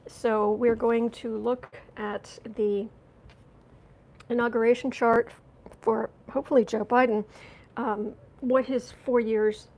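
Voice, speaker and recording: An American woman hosting an astrology and tarot live stream in a rambling, casual way, clearing her throat often, with a runny nose and watery eyes after a coughing fit. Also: on the high side, little pitch movement, slow, a little mellow, rough recording. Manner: rambling and chatty, with frequent throat clearing and restarts. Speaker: astrology and tarot channel host.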